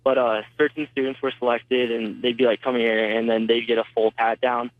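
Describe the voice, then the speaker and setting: A man's voice: medium pitch, level tone, moderate pace, dry recording. A teenage boy, a student, telling his story in a phone interview, hesitant and full of fillers. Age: teens. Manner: hesitant, retelling events with many fillers. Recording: tinny phone line, dry.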